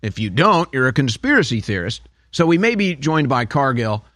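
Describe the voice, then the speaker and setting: A man's voice: mid-range voice, sing-song, moderate pace, a bit bright, no echo. A man hosting a talk radio show, delivering a sarcastic, heated opinion monologue in a studio.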